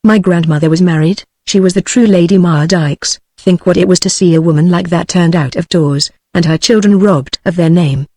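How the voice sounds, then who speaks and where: A British woman text-to-speech voice reading the part of a gentle, feeble and miserable young man, without changing voice. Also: on the low side, moderate pace, few pauses, no room sound, studio quality, close to an everyday voice. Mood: pleading. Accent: British English. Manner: plain synthetic reading, no change of voice.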